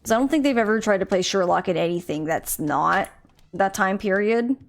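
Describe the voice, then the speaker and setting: A woman streaming a mystery game, talking casually and at a mid pitch. She reads game text aloud, trips on unfamiliar names, and muses to her chat. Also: expressive, fairly quick. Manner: chatty, musing, stumbles over names.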